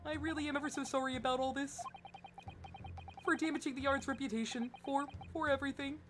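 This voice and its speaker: A woman's voice: high-pitched, steady tone, quick pace, noisy background, voice pushed up, close to an everyday voice. A woman voicing a sleepy, apologetic young male police constable who stammers timidly.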